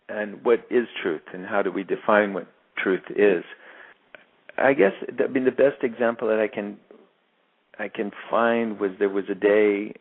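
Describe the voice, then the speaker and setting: A man in his fifties, an actor being interviewed, telling stories in a halting way with many restarts and repeated words. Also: fairly low pitch, vocal fry, phone-quality sound. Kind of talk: reflective interview storytelling.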